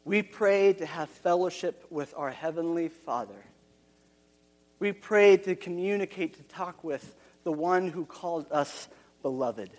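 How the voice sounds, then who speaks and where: Man preaching in a church, earnest, says stuff twice, bit of a high voice, echoey hall. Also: measured pace, a little mellow. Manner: earnest, repeats key phrases, frequent restarts. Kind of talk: sermon.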